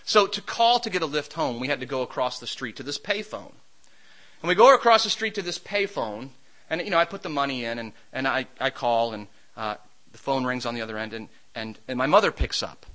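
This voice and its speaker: A man preaching a sermon, mixing Scripture with a lively personal story. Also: medium pitch, a little fast, rough recording. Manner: storytelling, shouts during a comic anecdote.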